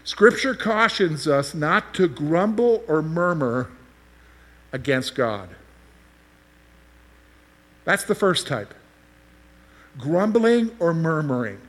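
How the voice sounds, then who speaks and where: A man's voice: fairly high pitch, very animated, takes it slowly, long pauses, fairly bright tone. A man preaching a sermon, explaining scripture and asking the listeners questions as he teaches. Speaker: pastor.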